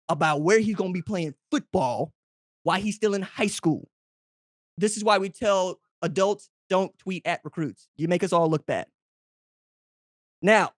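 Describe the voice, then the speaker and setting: A man hosting a solo sports podcast, talking emphatically to fans in second person with big jumps in pitch. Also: a bit bright, dry recording, studio quality. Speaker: podcast host.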